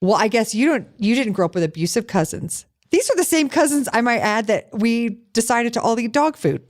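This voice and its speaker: A woman's voice: a little high, animated, fairly quick. A woman co-hosting a podcast in casual chat, sarcastic and profane, telling stories with animation. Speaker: podcast co-host.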